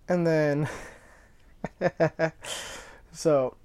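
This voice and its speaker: A man's voice: fairly high pitch, steady tone, drawn-out words, a little mellow. A young man casually telling a personal anecdote, rambling and correcting himself as he goes, cursing freely. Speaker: storyteller.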